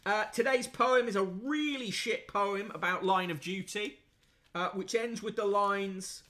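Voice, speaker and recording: A man's voice: sits high, a little slow, pushed and bright. A man hosting a newspaper review show, reading items aloud with sardonic, sweary asides and frequent fillers. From United Kingdom. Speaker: host.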